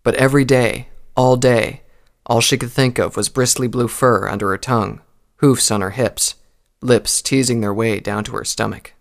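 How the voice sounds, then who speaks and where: A man reading a story aloud in a calm, measured narration. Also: medium pitch, vocal fry.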